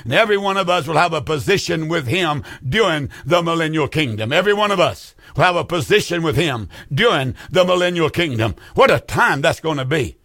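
A man's voice: fairly high pitch, animated, brisk, few pauses, sharp tone, no echo, studio quality. A male pastor, preaching fervently on a radio call-in program in a sing-song drawl, repeating his rhetorical questions.

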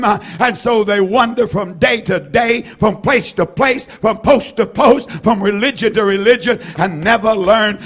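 A man in his seventies preaching an evening sermon in a fervent, repetitive way with bursts of shouting and frequent "uh" fillers. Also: high voice. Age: 70s.

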